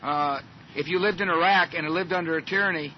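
A man answering questions at a press conference in a halting, plain-spoken way. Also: fairly high pitch. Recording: dull archival clip with faint noise.

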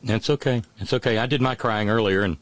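A middle-aged man hosting a live show, talking haltingly with many restarts in a calm, consoling way. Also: lowish voice, slight background noise. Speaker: host. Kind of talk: emotional live show talk.

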